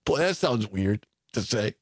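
A man's voice: fairly low pitch, animated, a little slow, no room sound, studio quality. A middle-aged man hosting a radio talk show, chatting casually with frequent chuckles and self-corrections. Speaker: radio host. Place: radio studio. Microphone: studio mic.

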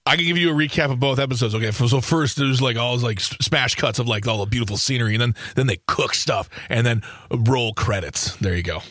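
A man with a mid-range voice co-hosts a radio chat. The mic is close and dry. He delivers quick, sarcastic asides with a wry edge. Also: medium pitch, a bit bright, no echo. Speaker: radio co-host.

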